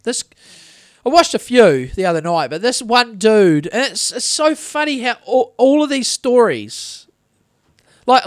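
A man with a fairly high voice rambles through a tale on a casual podcast, swearing freely. He sounds close and dry, with no room around him. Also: clear, resonant tone, no echo. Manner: rambling, swearing anecdotal storyteller. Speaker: podcast host.

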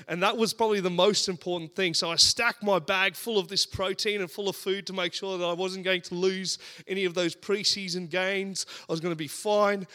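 An Australian man in his thirties preaching a sermon, telling stories in an animated, humorous way. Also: high-pitched.

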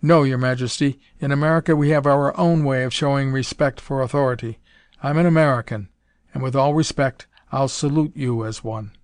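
A man's voice: medium pitch, steady tone, moderate pace, no room sound, lightly acted. A man reading aloud and voicing a wry, defiant American aviator who mutters dry remarks, in a dry recording.

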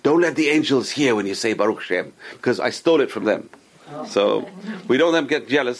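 A man leads a casual Torah lesson in a voice with a gravelly rasp. He explains patiently, repeats his key points and poses questions only to answer them himself. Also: mid-range voice, animated, brisk. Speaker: rabbi teaching a class.

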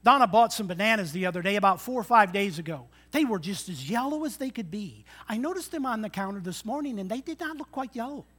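Man in his sixties preaching with a high, bright voice. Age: 60s. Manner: lively preaching, swinging between loud emphatic lines and quiet asides. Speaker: pastor. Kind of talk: sermon.

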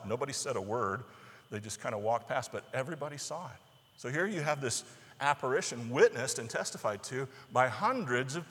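A man giving a conversational sermon lecture, talking in an animated way to the people listening. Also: on the high side, big-room sound. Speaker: teacher or preacher.

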